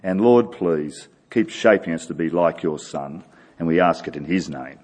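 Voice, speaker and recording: A man's voice: deep voice, normal speed, darkish tone. A man leading an opening prayer in an earnest, reverent manner. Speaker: prayer leader.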